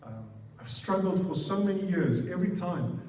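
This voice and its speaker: A pastor with an Afrikaans accent preaching a sermon, putting weight on words and repeating them in threes, often putting questions to the congregation. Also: male voice, sits high, expressive, normal speed, darkish tone. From South Africa. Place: church hall. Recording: echoey hall, picked up from far off.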